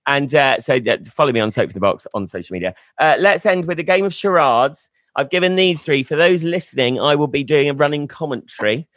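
A man hosting and running commentary on a party game, lively and often laughing. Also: on the high side, fairly quick, hardly any pauses, no echo. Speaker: host.

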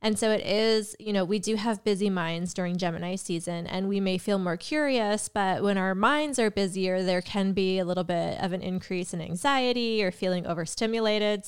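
Chatty young woman with a clear voice. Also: medium pitch. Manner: chatty, rambling, with fillers and self-interruptions. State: has a cough. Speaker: podcast host and tarot reader. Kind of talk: casual solo podcast monologue.

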